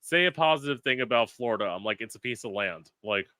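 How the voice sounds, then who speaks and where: Bright-voiced man swearing through stories. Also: mid-range voice, quick pace, no room sound. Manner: animated storyteller, swears freely. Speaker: podcast host. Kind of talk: casual chat.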